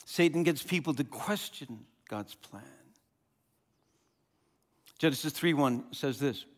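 A man preaching a sermon as pastor, animated and conversational, often restarting and repeating words. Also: mid-range voice, slow pace. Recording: long hall reverb.

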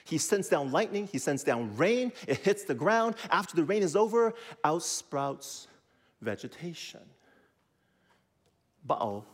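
A male pastor preaches with a lively, rising and falling voice that has a husky edge. He teaches with call-and-response, asking the listeners to repeat after him. The sound carries a long hall echo. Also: on the high side. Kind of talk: sermon.

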